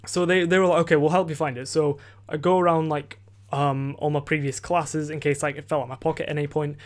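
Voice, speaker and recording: Fast and flat in delivery, with a fairly high pitch, a teenage podcast host tells a story casually at his desk microphone. It's rambling and packed with fillers, false starts, and casual cursing.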